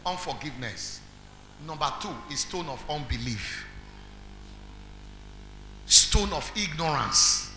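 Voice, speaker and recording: A male pastor with a Nigerian accent delivers an emphatic sermon, often quizzing the congregation. His voice sits high and swings widely in pitch, with a bright, forceful edge. It rings through a reverberant church hall over faint music. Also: sing-song, slow, pauses often, a little hiss or hum. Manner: builds to shouts.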